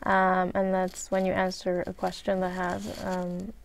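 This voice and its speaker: A woman with a Swedish accent, a native Swedish speaker, giving a recorded English grammar lesson. She talks in a measured way, lists examples one by one, and often pauses with "uh". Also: on the low side, monotone, vocal fry, slight background noise. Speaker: English teacher.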